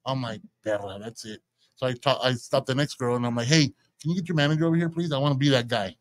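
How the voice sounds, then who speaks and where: A man, co-hosting a podcast and telling a profane, animated story in casual chat. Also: medium pitch, quick pace, dry recording. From San Antonio, Texas. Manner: profane, animated storyteller doing quoted voices. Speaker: podcast co-host.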